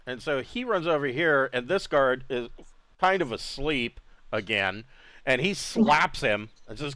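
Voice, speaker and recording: A man narrating a tabletop game as its game master, with a lively, swooping pitch. He often stops and corrects himself mid-sentence, keeping an easygoing tone. The recording is dry and close. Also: no room sound. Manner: halting, self-correcting, casual.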